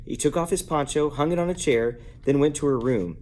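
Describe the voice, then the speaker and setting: A man reading a children's book aloud at bedtime at home, lively and playful, jumping up in pitch to give each character a voice. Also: a little fast, slight background noise. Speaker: parent reading a bedtime story. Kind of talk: bedtime story read-aloud.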